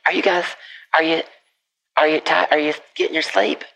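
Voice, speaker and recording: A man's voice: fairly high pitch, steady tone, a little fast, creaky, pushed and bright, dry recording, low-quality recording. A man voicing a rambling, doting elderly aunt, calling in on a speakerphone. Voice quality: meandering, gossipy, loses the thread. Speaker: caller. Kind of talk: comedic phone-call character bit. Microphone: phone on speaker. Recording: speakerphone call with background noise.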